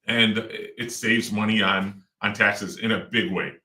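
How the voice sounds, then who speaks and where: A man's voice: on the low side, fairly even intonation, unhurried, pushed and bright. A middle-aged man, a real estate investor and guest, talking casually in a rambling way with lots of fillers and restarts. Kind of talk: casual interview talk. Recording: roomy echo, distant mic.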